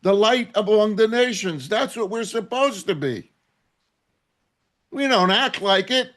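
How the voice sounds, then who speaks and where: A man's voice: high-pitched, lively intonation, measured pace, a bit bright. A man preaching a sermon as a rabbi, indignant and impassioned, asking rhetorical questions.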